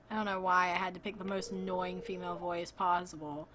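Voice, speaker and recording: A woman streamer chatting casually while playing, joking and quick to laugh. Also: fairly low pitch, steady tone, a bit bright.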